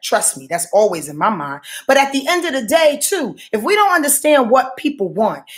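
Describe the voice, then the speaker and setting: A woman astrologer giving her weekly forecast in a blunt, profane, preachy way, calling out to her listeners. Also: high-pitched. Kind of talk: casual spoken astrology forecast.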